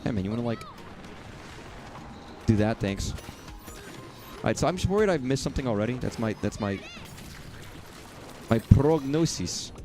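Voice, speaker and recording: A man's voice: mid-range voice, expressive, normal speed, long pauses. A young man casually commentating a video game, rambling and swearing with jokey asides. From southern US. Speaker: gaming streamer. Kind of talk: casual let's-play commentary. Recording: faint game music behind.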